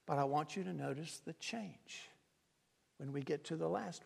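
A man preaching a sermon, swinging from hushed, slow lines to loud, impassioned crying out. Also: fairly high pitch, creaky, breathy edge. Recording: long reverb of a hall.

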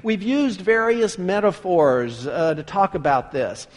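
A man preaching a sermon from the pulpit, earnest and measured, with dramatic pauses. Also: high-pitched. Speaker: pastor. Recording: long hall reverb.

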